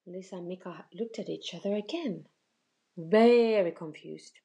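Lady reading a kids story real slow and gentle. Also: lowish voice, creaky. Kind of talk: children's story narration.

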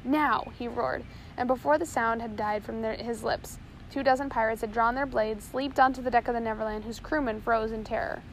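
A woman's voice: on the high side, steady tone, a little fast, a little hiss or hum, poor audio. A woman narrating a chapter of a storybook aloud, reading steadily with small slips. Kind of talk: audiobook reading.

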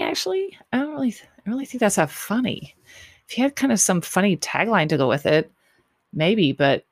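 A woman's voice: mid-range voice, creaky, dry recording, studio quality. A woman hosting a podcast, recapping a show in a rambling, chatty way with lots of fillers and repeated words. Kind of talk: casual chat.

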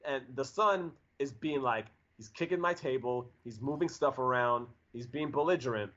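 A man's voice: medium pitch, moderate pace, fairly bright tone. A man in his forties telling a story in a casual chat, rambling with lots of fillers and restarts. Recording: dull lo-fi audio.

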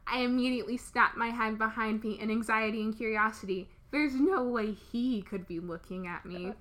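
A woman's voice: a little high, normal speed, a bit bright. A young woman vlogger reading fan fiction aloud in a playful, giggly way.

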